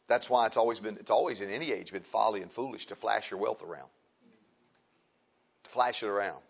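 A man's voice: lowish voice, fairly quick, vocal fry, long pauses, slightly rough, lo-fi sound. A man preaching a sermon in a folksy, conversational way, asking his listeners frequent rhetorical questions.

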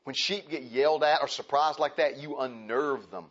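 A Baptist pastor preaching a sermon in a church, repeating phrases and asking the congregation questions. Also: male voice, medium pitch, moderate pace, a bit bright. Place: church sanctuary. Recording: dull lo-fi church recording.

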